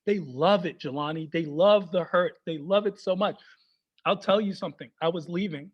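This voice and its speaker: Lively male stand-up comic. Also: high voice, moderate pace, breathy edge, highs cut off. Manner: animated, mixing in Persian phrases. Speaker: stand-up comedian. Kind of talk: stand-up comedy.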